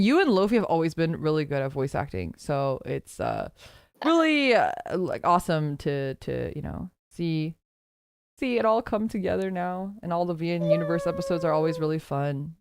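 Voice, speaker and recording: A woman's voice: deep voice, animated, moderate pace, a little mellow, no room sound. Rambling woman streamer, dry close mic. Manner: rambling, filler-heavy, self-deprecating, swearing. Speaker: streamer host. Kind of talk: casual stream chat.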